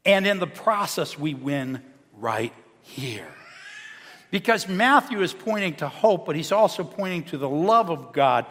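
A man's voice: fairly high pitch, sing-song, a little slow. Man preaching in a reverberant hall. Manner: dynamic preaching, swinging from loud emphasis to soft, hushed lines. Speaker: pastor. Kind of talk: sermon. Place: church sanctuary. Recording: long reverb of a church hall.

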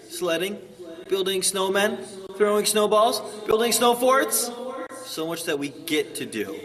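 A man playing a cheery winter pep-talker. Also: high-pitched. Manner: chatty, upbeat, pep-talk delivery. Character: cheery folksy male winter-advice host, upbeat. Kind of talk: church skit monologue. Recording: distant voice, long hall reverb, audience.

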